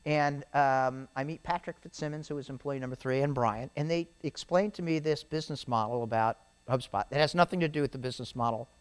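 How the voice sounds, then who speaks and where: A middle-aged man on stage as a guest speaker, telling rambling, animated stories about his career to a live audience and often tagging lines with "right?". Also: mid-range voice, fairly quick, few pauses, clean tone. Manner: animated, rambling storyteller who keeps adding "right?". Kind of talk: storytelling interview on stage. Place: event venue with a live audience.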